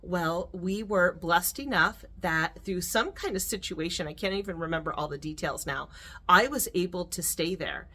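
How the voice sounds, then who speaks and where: Earnest middle-aged woman, lowish voice. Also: normal speed, bright, forceful tone. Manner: earnest, emotional, with restarts and fillers. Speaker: vlogger. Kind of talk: personal storytelling.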